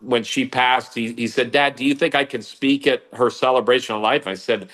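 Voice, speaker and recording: Bright-voiced middle-aged man reminiscing. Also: medium pitch, fairly even intonation, moderate pace. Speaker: guest. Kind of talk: casual reminiscing chat.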